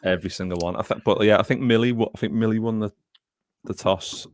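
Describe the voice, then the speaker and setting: A man's voice: lowish voice, fairly even intonation, fast. A man hosting a casual football podcast, rambling, swearing freely and talking to his live chat. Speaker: podcast host.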